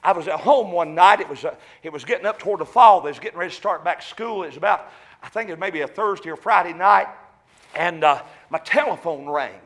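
High, forceful Southern preacher man. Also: a little fast. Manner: fervent preaching with shouted exclamations and folksy storytelling. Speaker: pastor. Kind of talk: sermon.

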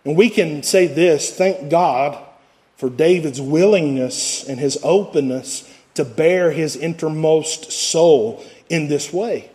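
Pastor, male, high-pitched, sermon delivery with rising and falling intensity. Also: takes it slowly, darkish tone. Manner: preaching with swells and drops in intensity.

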